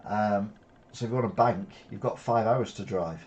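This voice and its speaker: A man reads news headlines and adds sarcastic, opinionated comments, pausing often with "uh". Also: fairly low pitch, darkish tone, lo-fi sound. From England. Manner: sarcastic asides, frequent "uh" hesitations.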